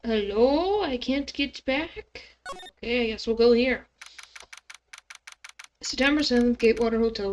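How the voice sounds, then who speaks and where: A woman's voice: on the high side, animated, measured pace, long pauses, darkish tone, a little hiss or hum, rough recording. Casual woman streamer reading game text. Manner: casual, mumbled asides between read lines. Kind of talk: let's play, reading game dialogue aloud. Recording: music playing behind.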